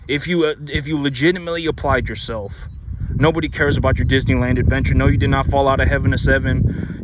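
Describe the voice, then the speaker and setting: A man's voice: mid-range voice, noisy background. A man, a cattle rancher, speaking in a blunt, lecturing monologue, repeating himself and restarting often. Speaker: cattle rancher and business owner. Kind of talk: casual monologue to camera.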